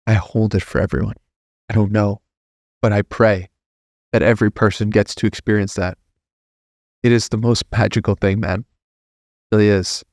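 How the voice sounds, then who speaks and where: Man, podcast guest, low voice, earnest, heartfelt storytelling. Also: moderate pace, long pauses, no room sound, clean studio sound. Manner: earnest, heartfelt, animated when telling a story. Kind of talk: personal storytelling in conversation.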